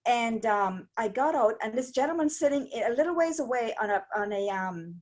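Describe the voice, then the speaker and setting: A woman, a stroke survivor telling her story as an interview guest in a rambling, animated way with many restarts. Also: a little high, moderate pace. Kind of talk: casual interview chat.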